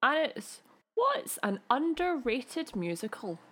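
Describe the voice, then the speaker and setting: A woman's voice: high voice, sing-song, slow pace, fairly bright tone. A woman co-hosting a podcast in casual chat, gushing and laughing often. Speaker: podcast co-host.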